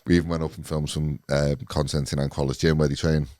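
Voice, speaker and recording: A man's voice: very deep voice, level tone, fast, dark tone, dry recording. A man in his late thirties hosting a casual podcast chat, talking in a loose, agreeable way. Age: 30s. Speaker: podcast host.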